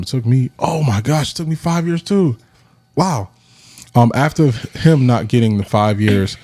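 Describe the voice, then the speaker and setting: A man, telling an animated personal story on a podcast and addressing listeners directly. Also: fairly low pitch, dry recording. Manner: animated, acts out friends' voices in quotes. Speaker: podcast host. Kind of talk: casual storytelling chat.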